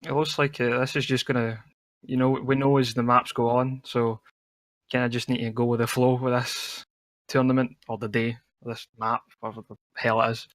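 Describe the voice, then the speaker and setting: A man's voice: medium pitch, level tone, moderate pace, no room sound, studio quality. A man casting a live online game tournament in a loose, rambling way, padding his talk with "you know", on a headset mic. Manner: laid-back, rambling, lots of "you know". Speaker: esports caster. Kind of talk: casual live game commentary.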